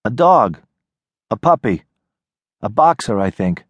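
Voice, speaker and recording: Male narrator doing a low-key, hesitant working man for an audiobook, low voice, short plain answers. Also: big pitch swings, measured pace, husky, no echo, lo-fi sound, heavily acted. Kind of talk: audiobook character reading.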